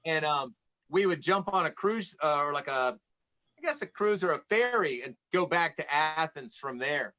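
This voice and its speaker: Guy from atlanta telling stories on a podcast, highish voice, kinda muffled audio. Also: normal speed. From United States, Atlanta. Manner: lively anecdotes, acts out quoted dialogue. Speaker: podcast guest. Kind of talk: casual storytelling in conversation.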